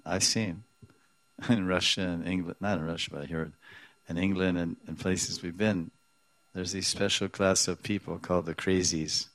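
A man with a lowish voice delivers a devotional lecture, mixing in Sanskrit and Hindi terms as he goes. He tells it as a string of stories, breaking into quoted voices and chuckling along the way. The sound is dry and close, with no room around it. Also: fairly even intonation, moderate pace, fairly bright tone, no echo. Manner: storytelling, acts out quotes, chuckles often. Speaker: religious teacher.

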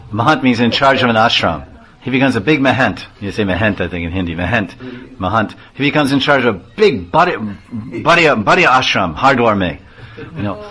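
A man's voice: mid-range voice, a bit bright. Chatty man giving a storytelling sermon. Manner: chatty, laughing, digressive. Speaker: spiritual teacher.

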